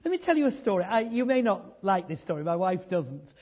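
An older preacher with a high, breathy voice tells a story to his congregation. He speaks earnestly, sinking to a hush and then building to emphatic declarations. The sound is slightly dull and lo-fi. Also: sing-song, fairly quick. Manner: earnest, swings from hushed to emphatic. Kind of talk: sermon with storytelling.

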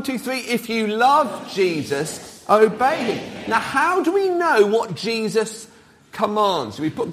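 A middle-aged man preaching an all-age sermon, lively and interactive, drawing the congregation in. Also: high-pitched. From Wales. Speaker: pastor.

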